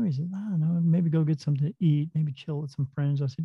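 A man's voice: on the high side, steady tone, fast talker, hardly any pauses, breathy edge, no room sound, muffled recording. A man talking casually and earnestly, telling a story from his work and giving plain-spoken advice with the odd swear word.

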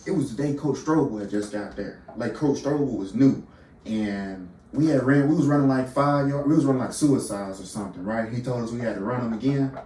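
A young man in casual podcast chat, telling animated stories with slang. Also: medium pitch, fairly quick. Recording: roomy room, distant mic, faint hum.

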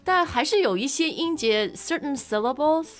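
A woman's voice: sits high, expressive, moderate pace. A woman from China hosting a casual chat, switching between Mandarin and English, with a Chinese accent. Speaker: podcast host.

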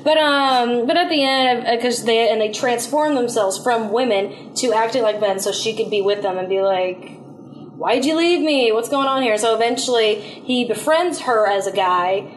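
Podcast guest, woman, slightly high, chatty and rambling, roomy echo, faint hum. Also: normal speed, few pauses. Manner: chatty, rambling with fillers, laughs easily. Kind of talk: casual podcast chat.

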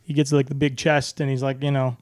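A man's voice: mid-range voice, little pitch movement, brisk, darkish tone, no echo. A podcast guest who stumbles and restarts his sentences, then lands his opinions firmly. He has a mid-range man's voice, captured dry and close with no room sound. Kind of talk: casual podcast chat.

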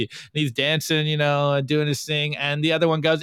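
Male co-host, casual and animated, fairly high crisp voice, dry studio sound. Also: fairly quick, hardly any pauses, no room sound. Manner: animated, jokey, puts on voices for quoted memes. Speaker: podcast co-host. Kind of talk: casual meme review chat.

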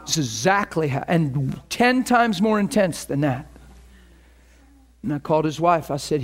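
A middle-aged man preaching, telling a story and acting out both sides of phone calls. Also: normal speed. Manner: animated, acts out phone calls with rising pitch. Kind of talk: storytelling sermon.

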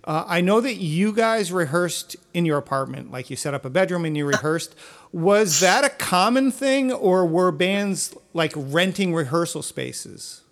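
A man's voice: high-pitched, lively intonation, measured pace, a bit bright. A man hosting a casual interview, asking curious follow-up questions and giving brief affirmations. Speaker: interviewer host.

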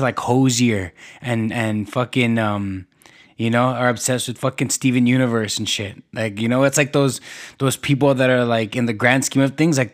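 A young man hosting a solo podcast, ranting in a rambling, profane way with many restarts and fillers. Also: medium pitch. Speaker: podcast host.

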